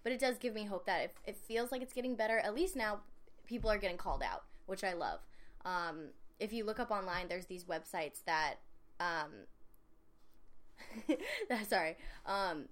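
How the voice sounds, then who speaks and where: Young adult woman, casual animated talker, acting student. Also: medium pitch, normal speed. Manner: animated, laughs and acts out voices. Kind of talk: casual chat.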